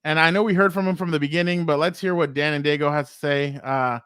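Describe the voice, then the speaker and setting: A man with a fairly high voice hosts a casual sports chat and tells stories in an animated way, laughing as he goes. The recording is dry and close. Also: quick pace, smooth, dry recording. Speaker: podcast host.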